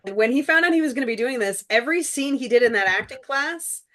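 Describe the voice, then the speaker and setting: A woman's voice: sits high, lively intonation, fast, a bit bright. A woman who made the series, chatting casually and gratefully in a commentary, with a loose, rambling way of talking. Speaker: show creator and producer.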